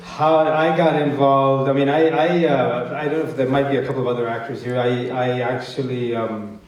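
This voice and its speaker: A man's voice: medium pitch, steady tone, moderate pace, lo-fi sound. A man, an actor, telling anecdotes on stage in a rambling, hesitant way and laughing often. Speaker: actor guest. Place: festival stage event. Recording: echoey hall, distant mic.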